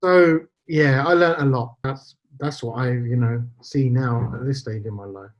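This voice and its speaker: A middle-aged man, a podcast guest, telling stories in an animated, chatty way. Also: medium pitch, normal speed. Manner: storytelling, animated. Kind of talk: casual interview chat. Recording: dull lo-fi sound.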